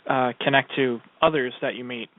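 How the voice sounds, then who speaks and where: A man's voice: mid-range voice, steady tone, moderate pace, no echo. A man co-hosting a podcast in casual chat, laughing often and mostly giving short replies. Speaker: podcast co-host. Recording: dry, tinny phone-like sound.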